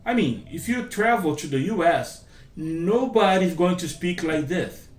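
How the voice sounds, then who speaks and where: A man's voice: high-pitched, animated, unhurried. A man with a Brazilian Portuguese accent leads a casual English conversation class, chatting, repeating his phrases and acting out the lines people say to him. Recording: echoey room, voice from a distance.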